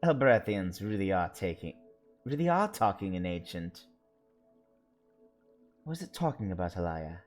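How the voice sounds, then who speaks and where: A man with a fairly low voice reads a story game's dialogue aloud during a stream. He voices several characters in turn and slows down to sound out invented words. Faint music plays behind him. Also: big pitch swings.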